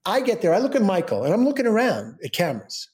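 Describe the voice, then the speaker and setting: An older man, an actor telling a lively anecdote in a casual interview, acting out the people he quotes with sudden jumps into high pitch. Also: fast talker. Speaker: actor guest.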